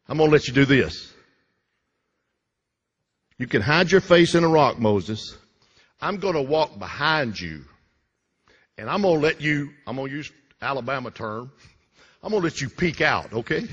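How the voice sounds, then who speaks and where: A man voicing God as a fatherly figure, speaking low and coaxing in a sermon. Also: highs cut off. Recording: reverberant church hall.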